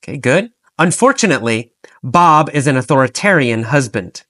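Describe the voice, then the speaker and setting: A man's voice: medium pitch, expressive, moderate pace, a bit bright, no echo, clean studio sound. A man teaching an English lesson, telling a story through repeated questions and answers and asking listeners to repeat key phrases.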